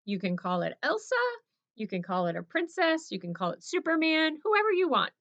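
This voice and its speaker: A woman's voice: high-pitched, sing-song, brisk, fairly bright tone, no room sound. A woman teacher leading children through a morning routine in an encouraging, sing-song, playful way. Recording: slightly dull lo-fi recording.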